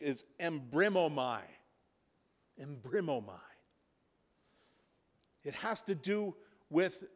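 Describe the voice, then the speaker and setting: A man preaching a sermon, retelling a story, dropping to a hush and then building to loud emphasis. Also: sits high. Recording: reverberant hall.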